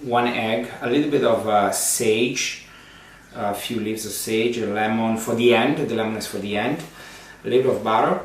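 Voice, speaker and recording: A man's voice: fairly low pitch, normal speed. A man, a priest hosting a cooking show, chatting playfully with many ums and uhs. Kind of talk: casual cooking demonstration. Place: kitchen. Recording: very echoey room, distant mic, faint noise.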